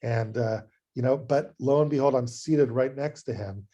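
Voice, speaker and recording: Man, rabbi, lecture over video call, warm dark timbre, chatty storytelling, frequent restarts. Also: mid-range voice, moderate pace, dull audio. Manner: conversational, animated anecdote telling with frequent restarts. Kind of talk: adult education lecture with storytelling.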